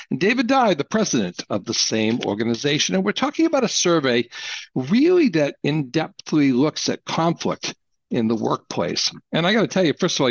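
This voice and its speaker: A man's voice: mid-range voice, dry recording, dull audio. Male radio host, mid-range voice, dry close sound, upbeat announcer style. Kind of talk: radio talk show interview.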